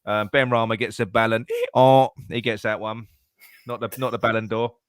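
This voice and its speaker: Sweary bloke ranting about football, dry close sound. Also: male voice, on the low side, little pitch movement, moderate pace, clean tone, no room sound. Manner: swears a lot, stumbles and restarts, heated. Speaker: podcast co-host. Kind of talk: casual football chat.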